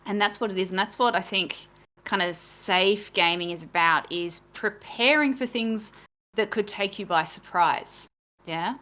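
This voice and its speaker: A woman's voice: mid-range voice, measured pace, pushed and bright. A woman chatting casually as a game master and co-host, talking in a chatty, self-deprecating way and laughing easily. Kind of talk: casual chat.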